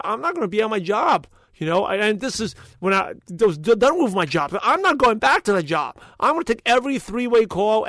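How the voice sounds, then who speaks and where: High-voiced energetic male podcast host. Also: no echo, clean studio sound. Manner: energetic and emphatic, motivational; rambling, with frequent restarts. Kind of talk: solo podcast monologue.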